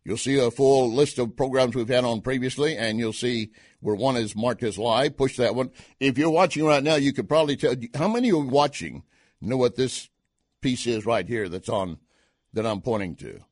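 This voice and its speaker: A man hosting a live online show in a sarcastic commentary style, firing rhetorical questions at the audience. His voice sits at an ordinary middle pitch. The recording is close and dry, with no room sound. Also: normal speed, a little mellow, no room sound. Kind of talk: opinionated news commentary.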